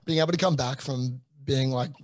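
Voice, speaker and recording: A man's voice: medium pitch, fairly quick. A young Australian man hosting a podcast, chatting casually with a mate, swearing freely and dropping lots of fillers. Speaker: podcast host.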